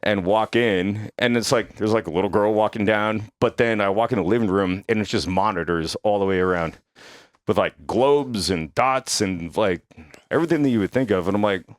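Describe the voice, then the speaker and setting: Deep voice, young man, casual profane storytelling, dry close sound. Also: moderate pace, no room sound. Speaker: podcast host.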